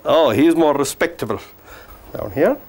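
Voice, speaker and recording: A man teaching a painting demonstration, gently coaxing the brushstrokes as if talking to the paint. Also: fairly high pitch, lively intonation, moderate pace. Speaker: painting instructor.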